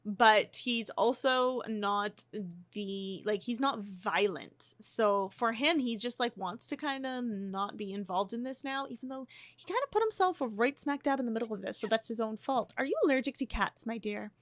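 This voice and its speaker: A woman's voice: fairly high pitch, moderate pace, no echo. A young woman giving casual, chatty gameplay commentary, often restarting and gasping. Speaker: life-sim gameplay narrator. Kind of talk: casual let's-play commentary.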